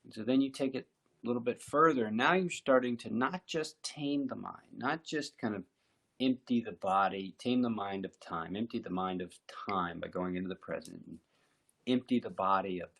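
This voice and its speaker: Husky, gravelly man, lowish voice, guided mindfulness talk, slow and reflective. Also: a bit bright. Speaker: meditation teacher.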